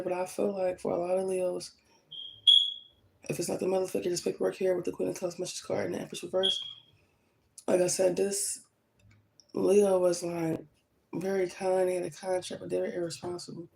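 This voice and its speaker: A woman's voice: fairly low pitch, completely flat delivery, a little fast, vocal fry, pauses often, warm tone, a little hiss or hum, rough recording. A woman tarot reader talking straight to her viewers, blunt and emphatic, often checking in with "okay?" and "like I said". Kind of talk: tarot reading to camera.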